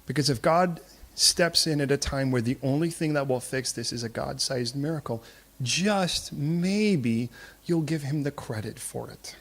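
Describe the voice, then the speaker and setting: A man preaching a sermon in a church, lively and humorous, slipping into acted voices for the people in his story. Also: mid-range voice, unhurried. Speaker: pastor.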